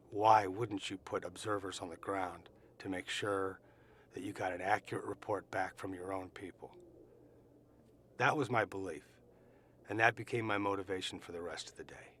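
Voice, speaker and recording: A middle-aged man giving eyewitness testimony, telling his story earnestly and emphatically, with pauses and restarts. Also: on the low side, a bit bright, a little hiss or hum. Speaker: eyewitness recounting events.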